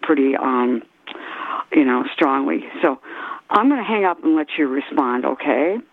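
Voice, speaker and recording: A woman calling in to a radio talk show, halting with many fillers and restarts, her voice going hoarse. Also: rumbling low, expressive. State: losing her voice. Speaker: caller. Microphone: telephone. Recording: tinny phone line.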